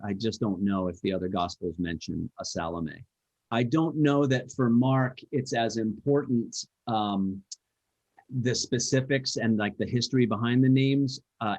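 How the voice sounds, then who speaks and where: A man's voice: on the low side, a little mellow, no room sound. A man leading a group Bible study discussion, speaking thoughtfully with frequent hedges and restarts. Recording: dull lo-fi dry sound.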